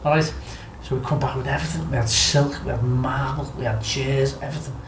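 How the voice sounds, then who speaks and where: A man's voice: medium pitch, steady tone, fairly quick, reverberant, noisy background. A Scouse man from Liverpool telling a wild story as a podcast guest, laughing often, swearing freely and acting out what people said. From Liverpool, England. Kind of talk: casual anecdote telling.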